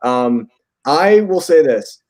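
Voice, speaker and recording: A man with a voice a little higher than most men's hosts a casual livestream chat. He rambles along, full of fillers and restarts. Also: expressive, slow pace, darkish tone. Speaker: host.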